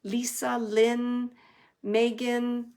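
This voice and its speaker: A woman medium giving a live reading to an audience, relaying messages in a chatty way with many fillers and sometimes dropping to a soft hush. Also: on the high side, level tone, drawn-out words. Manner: drops to a soft hush at times.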